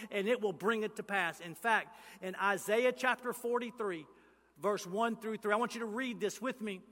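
A male pastor, preaching a sermon with emphatic, repetitive lines that swing between loud and hushed. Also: high voice, expressive, normal speed, long reverb tail.

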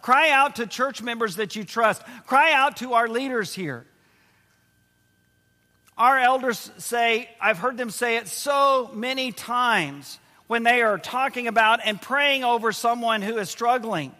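A man's voice: very high voice, unhurried, bright, forceful tone. A male pastor preaching a sermon in a church, earnest and repeating his key phrases. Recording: long hall reverb.

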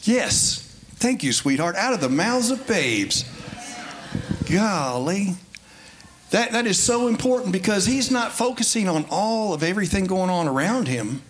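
A man preaching a folksy, conversational sermon in a church, building to emphatic high points. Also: lively intonation, measured pace. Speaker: lay preacher. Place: church sanctuary. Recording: faint background noise.

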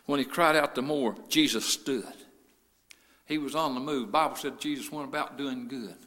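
A male pastor preaching a sermon, moving between quiet storytelling and loud, fervent preaching. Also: medium pitch, moderate pace, in a large hall.

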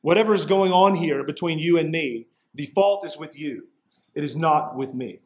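Male pastor, expository sermon, slightly higher voice, emphatic on key lines. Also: normal speed, a little mellow. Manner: expository preaching, rising intensity on key points.

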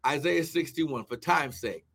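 A man preaching a fervent live-streamed sermon, shouting exclamations of glory and breaking into tongues as he prays. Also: a little high, creaky. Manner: speaks in tongues between phrases.

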